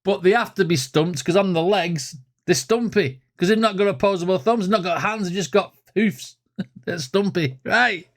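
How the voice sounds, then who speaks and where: A man's voice: high voice, normal speed. A man hosts a music reaction video, breaking down lyrics with chuckles and enthusiasm. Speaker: music reaction channel host. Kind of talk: casual reaction commentary.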